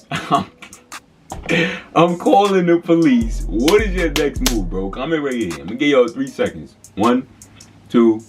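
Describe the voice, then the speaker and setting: A man in his twenties telling a story in a casual, slangy, rambling way, full of fillers. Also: fairly high pitch. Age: 20s. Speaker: vlogger.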